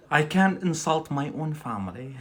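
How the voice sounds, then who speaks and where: Slow-talking Scottish English teacher. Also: male voice, on the high side. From Scotland. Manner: slow and explanatory, adds "yeah?" as a check, laughs often. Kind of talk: live-stream English lesson.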